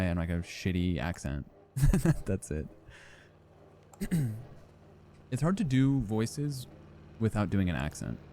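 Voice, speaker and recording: Young guy streaming, jokey and rambling, swears a lot, dark mellow voice. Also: on the low side, slight background noise. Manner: rambling, joking, swears, lots of fillers. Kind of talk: casual gameplay commentary.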